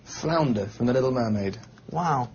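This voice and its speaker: A man's voice: medium pitch, animated, moderate pace. A man interviewing a guest, asking playful questions and joking along. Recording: lo-fi with loud background noise.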